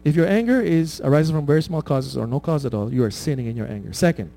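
High-voiced mellow male preacher. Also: expressive, fast, gravelly. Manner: conversational, asks the congregation "right?" often, laughs at his own stories. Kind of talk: sermon.

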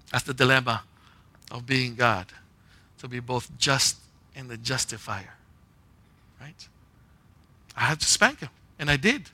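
A man's voice: medium pitch, pushed and bright. A man preaching a conversational sermon, telling a personal story in short punchy phrases and often checking in with "right?" and "okay?". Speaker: pastor.

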